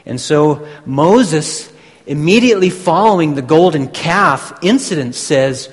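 A man preaching a sermon, teaching slowly and deliberately with emphatic pauses. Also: a little high, lively intonation. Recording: long hall reverb.

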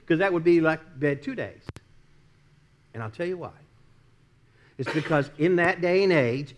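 Male preacher, sermon, animated storytelling, swooping pitch, slightly high voice. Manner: animated storytelling, acts out quoted voices, laughs often. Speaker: pastor.

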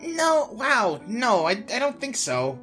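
A cheerful, friendly young girl , read by a woman, explaining kindly in a fairly high, lively voice. Soft music plays behind. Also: slow pace, exaggerated voice.

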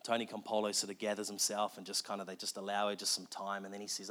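A man tells a story in a sermon. He is animated and restarts his sentences often. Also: fairly low pitch. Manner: fast, animated, with filler restarts.

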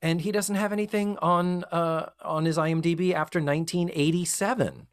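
A man's voice: a little high, steady tone, normal speed, clear, resonant tone. Casting: fifties man from Massachusetts, podcast co-host, chatty and joking, easy pace. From South Shore of Massachusetts. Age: 50s. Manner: chatty, joking, reading from notes. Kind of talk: casual chat.

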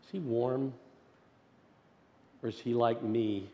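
Pastor storytelling in a reverberant hall. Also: male voice, medium pitch, slow pace, dull audio. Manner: animated storyteller, swinging from loud to hushed. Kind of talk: storytelling sermon. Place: church sanctuary.

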